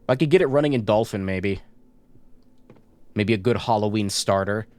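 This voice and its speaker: A man's voice: lowish voice, moderate pace, darkish tone, no echo. Dry-voiced man streaming a horror game. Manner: joking asides while reading game text aloud. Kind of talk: casual horror-game let's play.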